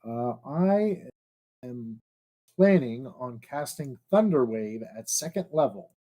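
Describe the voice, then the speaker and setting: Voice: mid-range voice, lively intonation, slow pace, dark tone, low-quality recording. A player in a tabletop game, talking hesitantly while thinking through a move. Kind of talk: casual tabletop game chat.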